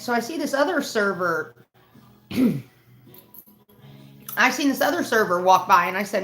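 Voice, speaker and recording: A woman's voice: on the high side, lively intonation, normal speed, pauses often, fairly bright tone. A woman livestreaming, telling a heated story in casual, profane bursts. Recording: roomy echo.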